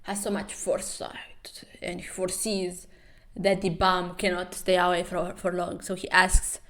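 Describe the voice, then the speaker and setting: A woman's voice: fairly low pitch, monotone, unhurried, a bit bright. A young woman recapping a webtoon as comedy commentary, sarcastic and profane, with mocking asides and over-the-top dramatic readings.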